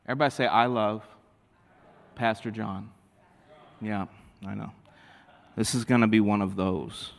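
Male pastor, unhurried emphatic sermon delivery with call-and-response, reverberant church sound. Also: lowish voice, steady tone, creaky. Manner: slow, emphatic preaching with drawn-out phrases and audience call-and-response. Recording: long hall reverb.

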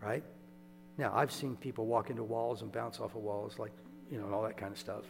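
A man preaching a sermon in a relaxed, conversational storytelling way, often checking in with his listeners. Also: lowish voice, brisk, vocal fry. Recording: echoey hall with mains hum.

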